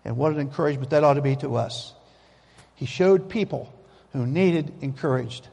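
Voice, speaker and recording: A man's voice: mid-range voice, normal speed, gravelly, a little mellow, breathy edge. A man preaching a sermon in a folksy, emphatic way, repeating his key phrases, in a church sanctuary. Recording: long hall reverb.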